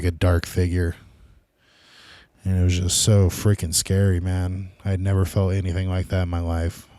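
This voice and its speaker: A man's voice: low-pitched, warm tone, no room sound, studio quality. A man hosting his own podcast, rambling loosely and casually in a solo monologue. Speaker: podcast host.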